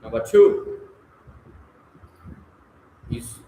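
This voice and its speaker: A man's voice: extremely slow, warm tone. A man reading and answering textbook exercises aloud, casual and correcting himself as he goes. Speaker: self-study reader. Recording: echoey room with faint ambience.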